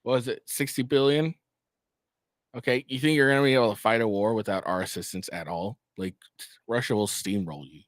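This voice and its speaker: A man's voice: fairly low pitch, a little fast, no echo, clean studio sound. A man hosting a political commentary vlog, ranting in a mocking, profane way. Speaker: host.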